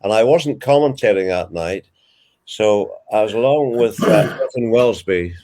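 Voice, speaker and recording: Deep-voiced older Northern Irish man. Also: moderate pace, slight background noise. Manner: animated, vivid storyteller. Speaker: interviewee, veteran sports commentator. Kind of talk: anecdotal storytelling.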